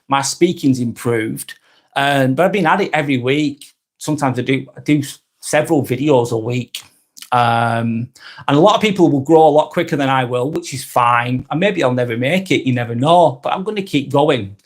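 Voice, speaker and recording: A man's voice: mid-range voice, normal speed. A man with a Lancashire accent hosting a live stream, talking in a rambling, reflective way and often restarting and correcting himself. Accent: Lancashire (Blackburn). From Lancashire, northwest England. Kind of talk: casual live-stream monologue.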